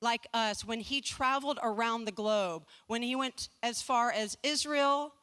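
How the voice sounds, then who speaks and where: A woman's voice: fairly high pitch, measured pace, sharp tone. A woman in her forties from the American South giving a humorous personal storytelling speech with comic timing, self-deprecating asides, and restarts. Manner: restarts and repeats words. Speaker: speaker at a community fundraising talk.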